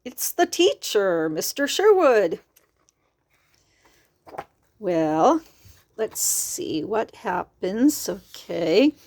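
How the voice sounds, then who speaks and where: A woman's voice: mid-range voice, big pitch swings, extremely slow, long pauses, a little mellow. A middle-aged woman reading a picture book aloud to children, stopping for chatty asides to explain new words.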